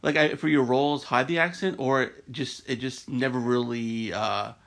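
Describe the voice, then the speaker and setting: A man's voice: medium pitch, fairly even intonation, normal speed, creaky, a bit bright. A man hosting an interview podcast, friendly and hesitant, with fillers in his questions. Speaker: podcast host.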